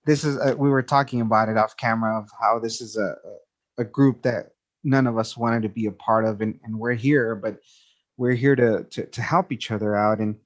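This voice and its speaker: A man hosting an interview, asking questions in a hesitant, gentle way and often repeating words. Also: lowish voice, fairly even intonation, moderate pace, dull audio. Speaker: host.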